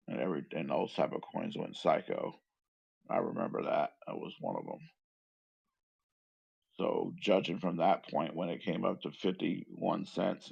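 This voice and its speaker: Deep raspy guy rambling on his live stream, thinking out loud, kinda muffled audio. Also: no room sound. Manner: rambling, thinks aloud with restarts. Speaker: stream host, crypto chart analyst. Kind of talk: casual live-stream chat.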